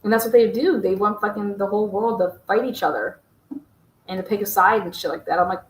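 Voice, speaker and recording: A woman hosting a casual livestream, ranting in a profane, exasperated and sarcastic way, her voice slightly hoarse. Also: mid-range voice, fairly quick, roomy sound, rough recording. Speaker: true crime livestream host.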